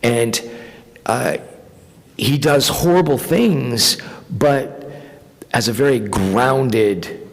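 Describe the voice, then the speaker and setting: A man, an actor guest at a fan convention panel, telling animated anecdotes with casual swearing. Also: mid-range voice, extremely slow, vocal fry, long pauses. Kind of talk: convention Q&A storytelling. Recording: long reverb of a convention hall.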